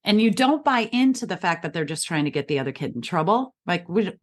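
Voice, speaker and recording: A middle-aged woman giving parenting advice as a podcast guest, calm and explaining step by step. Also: on the low side, a little fast. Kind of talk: advice in interview.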